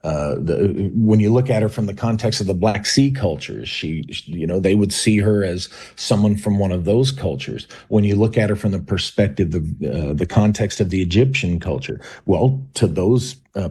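A male guest author on a talk radio show, speaking haltingly with many restarts and fillers. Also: fairly low pitch, mellow, slightly rough.

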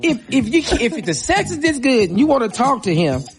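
A high, very lively woman, teasing and brash as she gives comic advice on the radio. Her pitch jumps around a lot as she acts things out, with music playing under her. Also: brisk. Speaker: radio show co-host giving advice. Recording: music bed behind the voice.

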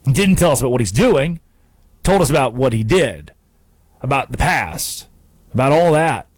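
A man's voice: medium pitch, very animated, normal speed, slightly rough, dry recording. A man hosting a sports radio show, delivering an emphatic, sarcastic monologue at a studio microphone.

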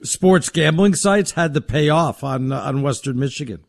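A man's voice: a little high, animated, moderate pace, gravelly, dry recording, studio quality. A man co-hosting a sports talk show, wry and sarcastic in casual chat. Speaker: sports radio co-host.

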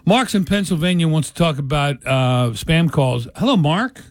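A man's voice: fairly high pitch, expressive, dry recording. A man from New Jersey co-hosting a radio talk show, chatting casually and rambling from topic to topic with jokes. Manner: chatty, rambling, quick to joke.

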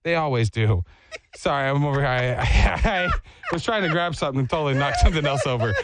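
Animated male radio host, slightly high. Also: fast talker, heavy background noise. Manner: animated storytelling with playful voices. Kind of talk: casual radio banter.

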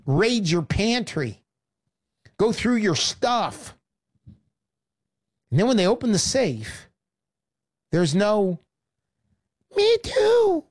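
A woman hosting a sarcastic, animated sales pitch monologue. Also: slow pace, long pauses.

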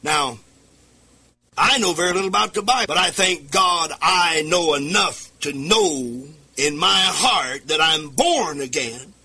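A man preaching a sermon into a microphone at a desk, fervent and singsong, bursting into shouts. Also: sits high, sing-song, a little slow, vocal fry, husky. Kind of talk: radio sermon.

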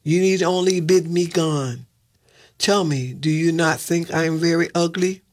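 A man voicing a gentle, lovesick male beast in a storybook read-aloud, reading slowly and mournfully. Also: a little high, close to an everyday voice. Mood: gentle pleading.

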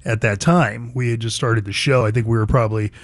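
A man hosting talk radio, blunt and opinionated, chatting easily between hard takes. His voice is mid-pitched and sits close to a studio mic with a dry, dead sound. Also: steady tone, a little fast, no echo. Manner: blunt, conversational, reminiscing with his producer. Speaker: radio show host.

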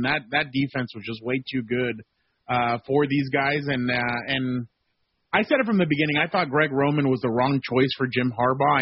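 A male sports reporter calling in as a guest on a radio show, talking in a rambling, animated way with many fillers. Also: medium pitch, breathy edge, dry recording. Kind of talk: phone-in radio interview. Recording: dull, dry lo-fi guest line.

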